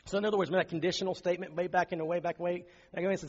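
Guy preaching, kinda high voice, lots of rhetorical questions, dull echoey hall sound. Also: very fast, husky. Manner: conversational, animated, asks rhetorical questions. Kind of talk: sermon. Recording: dull recording in a reverberant hall.

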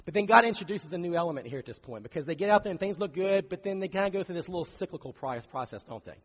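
A man preaching a conversational, animated sermon, often asking rhetorical questions. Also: high voice, very fast, slightly rough. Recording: dull recording in a reverberant hall.

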